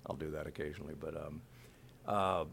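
A middle-aged male voice actor chatting in an interview, animated and full of fillers. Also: extremely low pitch, a little fast, gravelly, slight background noise. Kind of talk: casual interview chat.

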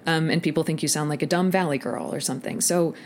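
A woman audiobook narrator with a low, fairly deep voice speaks in a relaxed, conversational interview. She talks animatedly, dropping into little vocal impressions as she explains. A faint hiss of noise sits under the recording. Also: quick pace. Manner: animated, demonstrates voices mid-sentence.

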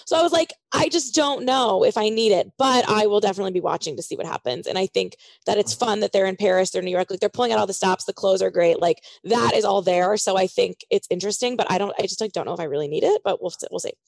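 A woman's voice: mid-range voice, quick pace, creaky, few pauses, no room sound. A woman co-hosting a casual pop-culture chat, rambling and chatty, with lots of filler words. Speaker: co-host.

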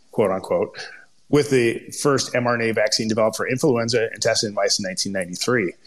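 Halting Minnesota-accented man explaining. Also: on the low side. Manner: halting, many restarts and cut-off words. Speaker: podcast co-host, scientist. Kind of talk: explaining research history, ad-libbed.

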